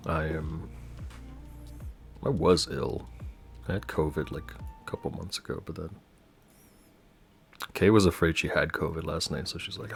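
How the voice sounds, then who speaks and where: A man running a tabletop game as game master, chatting casually, then narrating scenes slowly and deliberately. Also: rumbling low, steady tone, creaky, soft background music.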